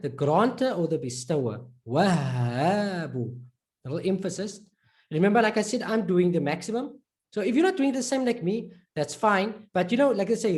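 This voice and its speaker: A man teaching a recorded lesson, patiently repeating example words slowly and drawn out, with casual "right?" and "okay" check-ins. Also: sits high, darkish tone. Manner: informal, fillers like "right?" and "okay".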